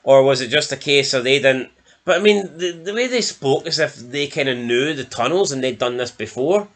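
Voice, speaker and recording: A man's voice: medium pitch, normal speed. Sweary Scottish man reviewing a show. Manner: blunt, sweary, mocking. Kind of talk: casual podcast review chat.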